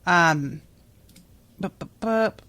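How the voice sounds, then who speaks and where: Low-voiced woman chatting casually. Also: extremely slow, bright, forceful tone. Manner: chatty, swears freely. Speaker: podcast host. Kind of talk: casual book recap.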